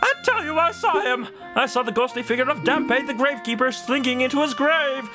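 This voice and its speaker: An eager, breathless village man from a fantasy game, spilling a spooky story in a voice pitched far up, as a man puts him on. His lines bounce and rise. Game music sits clearly behind him. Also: expressive, brisk. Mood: excited. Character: excited male villager telling a ghost sighting.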